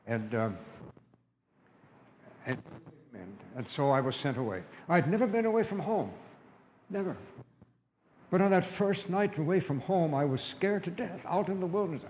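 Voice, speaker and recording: Brief: male dramatic storyteller, earnest and stammering, slightly high voice, reverberant hall. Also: lively intonation, moderate pace, pauses often, a little mellow, slight background noise. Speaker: storyteller in first-person biblical character. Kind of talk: dramatic first-person storytelling.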